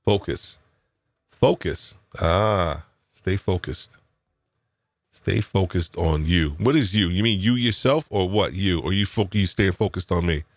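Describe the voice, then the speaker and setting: A man's voice: sits low, a little slow, dry recording, clean studio sound. A man from New York hosting a live podcast chat, teasing his guests in playful banter and musing with many fillers and restarts. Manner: reflective, uses fillers and restarts. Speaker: podcast host.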